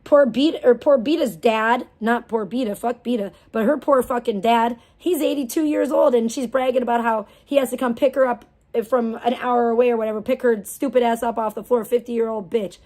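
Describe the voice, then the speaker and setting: A woman streamer in the middle of an angry rant, swearing hard and dripping with contempt. Her voice sits a little high for a woman. She mocks as much as she talks. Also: steady tone, brisk, few pauses, a little mellow. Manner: profane, scornful, mocking. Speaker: live streamer. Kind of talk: angry ranting live stream.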